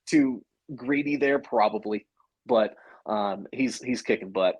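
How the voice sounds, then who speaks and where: A man from the co-hosts a sports podcast with a husky, slightly rough voice. He talks eagerly and laughs easily, with a few fillers along the way. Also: lowish voice, a little slow, rough recording. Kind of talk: casual sports podcast chat.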